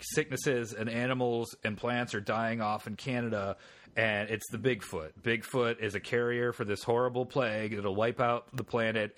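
A man's voice: medium pitch, a bit bright. Rambling man recapping a movie. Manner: rambling, acts out quoted lines in funny voices. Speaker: podcast co-host. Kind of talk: casual film review chat.

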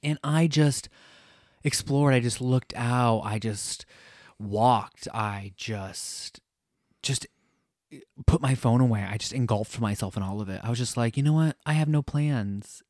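A man gushes through a casual travel story on a podcast. His voice sits at a middle pitch and sounds dry and close to the mic. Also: unhurried, a little mellow, no room sound. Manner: effusive, gushing storyteller. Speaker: podcast co-host.

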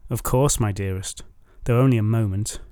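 A man's voice: fairly low pitch, normal speed, dark tone, dry recording, natural voice. A man voicing a smirking villainous suitor who gloats in an oily, leering way, on a dry close mic. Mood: gloating. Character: smug villainous suitor with a triumphant leer.

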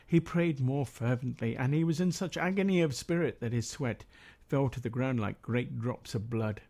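A man's voice: mid-range voice, normal speed, darkish tone. A man leading a prayer meeting, reading Bible passages steadily and adding his own comments with hesitant fillers.

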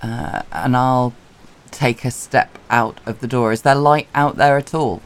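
A man's voice: mid-range voice, steady tone, a little slow, smooth. A man taking part in a tabletop role-playing game, talking through his character's moves with dry, wry humour. His voice sits in an ordinary middle range. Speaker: player.

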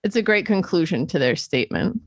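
A woman co-hosting an academic podcast, reading a script clearly and at a measured pace. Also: on the low side, lively intonation, no room sound, clean studio sound. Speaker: podcast co-host, professor.

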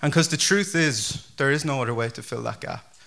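A man preaching a casual, conversational sermon as pastor, chatty and animated with frequent fillers and restarts. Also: mid-range voice, brisk, creaky.

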